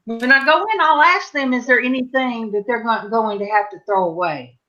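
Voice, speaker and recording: A woman's voice: a little high, normal speed, pushed and bright. Rambling middle-aged woman on a dull call line. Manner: rambling storyteller, trails off with fillers and restarts. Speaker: host of a live panel chat. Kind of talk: casual chat.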